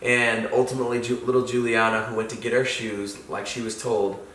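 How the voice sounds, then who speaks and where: A man's voice: medium pitch, little pitch movement, fairly quick, a little hiss or hum. A man in his thirties telling a family story in casual chat, earnest and sincere. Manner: earnest, sincere, drops soft when quoting. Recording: echoey room, mic at a distance.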